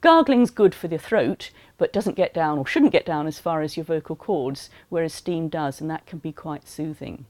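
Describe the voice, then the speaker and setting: A woman calmly explaining voice care to teachers in an educational talk. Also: low-pitched, moderate pace, hardly any pauses, dry recording. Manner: calm, explanatory, practical advice. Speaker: voice health advisor for teachers.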